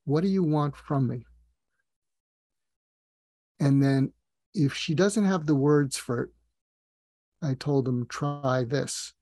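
An earnest man tells a long story on a podcast, voicing each person in the dialogue as he goes. His voice sits at a medium pitch. The sound is dry and close, with almost no room. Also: slow, long pauses, warm tone, dry recording. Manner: earnest, speaks in long anecdotes with quoted dialogue. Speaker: guest psychiatrist and author. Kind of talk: reflective storytelling.

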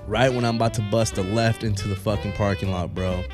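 A man's voice: fairly low pitch, fairly even intonation, a little fast, over music. A young man co-hosting a casual podcast, telling a long story in laid-back, profane slang. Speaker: podcast co-host. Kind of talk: casual chat.

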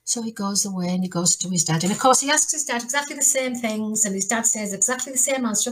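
A woman's voice: medium pitch, fast talker, few pauses. A middle-aged woman hosting a podcast, chatty and rambling with asides and restarts. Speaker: podcast host. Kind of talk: casual chat.

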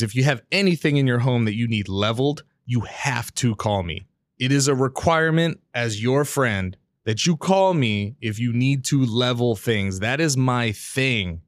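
Here a man of medium pitch hosts a laid-back solo podcast, talking candidly and loosely with frequent restarts and casual swearing. The sound is dry, captured close on a studio mic behind a pop filter.

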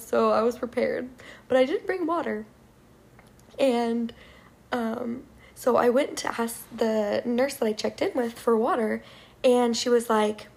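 A young woman vlogger rants to her viewers in a frustrated, profane storytime, swearing and saying "like" constantly. Her voice is fairly high with vocal fry.

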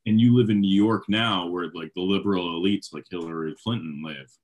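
Young man, very low voice, from Ohio, podcast co-host, deadpan mock-serious banter. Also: brisk. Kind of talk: casual comedic chat.

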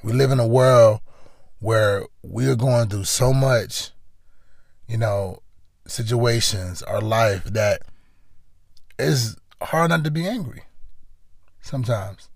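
A man with a rough, gravelly edge to his voice talks straight to the listener in a motivational monologue. He is earnest and conversational and circles back on his own phrases. The sound is close and dry, with no room around it. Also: medium pitch, slow, long pauses, darkish tone, no room sound. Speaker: podcast host.

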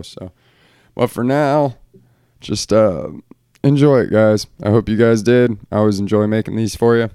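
A man's voice: fairly low pitch, darkish tone, clean tone, no room sound, clean studio sound. A middle-aged man hosting a solo podcast from a room at home, talking bluntly and ranting with plenty of swearing. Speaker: podcast host. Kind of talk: casual solo podcast rant.

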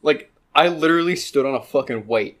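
A man co-hosting a podcast, telling stories in a casual, animated way, swearing freely and laughing often. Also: fairly high pitch, fairly quick. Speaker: podcast co-host. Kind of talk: casual chat.

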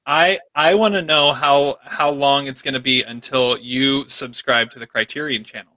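A man's voice: medium pitch, steady tone, normal speed, sharp tone, no echo. A man co-hosting a podcast in casual chat, teasing his co-host with upbeat banter.

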